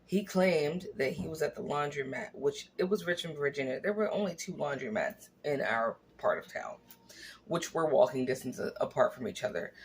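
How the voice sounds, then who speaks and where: A woman's voice: low voice, moderate pace. A woman in her forties tells a personal story straight to camera, blunt and unfiltered. She swears freely and slips into little impressions of the people involved. A faint background hiss runs under her voice. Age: 40s. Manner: candid, blunt, profane, animated, acts out quotes. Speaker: vlogger. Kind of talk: candid storytelling vlog.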